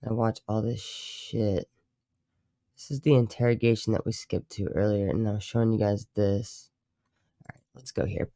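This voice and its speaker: A man's voice: lowish voice, fairly even intonation, moderate pace, warm tone, no room sound, clean studio sound. A man hosting a live stream, chatting casually in a rambling, profane way and often correcting himself. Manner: rambling, profane, self-interrupting. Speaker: livestream host.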